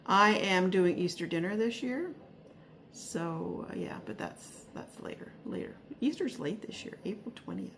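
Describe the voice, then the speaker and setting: A woman's voice: medium pitch, animated, a little slow. Chatty woman vlogging her garden, lots of ums and restarts, bit of hiss behind her. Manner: rambling, hesitant, many fillers and restarts. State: a little out of breath. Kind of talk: casual weekly garden update. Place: home, upstairs spare room.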